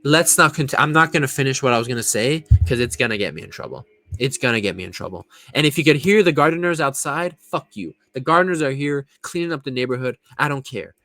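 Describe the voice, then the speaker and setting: A man's voice: mid-range voice, lively intonation, fast, sharp tone, no room sound. A man from California, ranting crudely and mockingly as a football reaction vlogger at home. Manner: profane, mocking, blunt.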